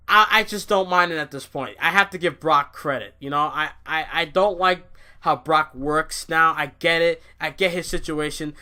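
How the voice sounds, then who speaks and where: A young man giving a casual, excitable wrestling review, repeating himself, swearing and laughing at his own points. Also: on the high side.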